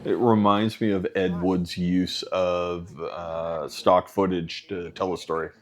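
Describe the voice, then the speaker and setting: A man's voice: low voice, level tone, slow pace, noisy background. A man hosting a casual film reaction, sardonic and wisecracking.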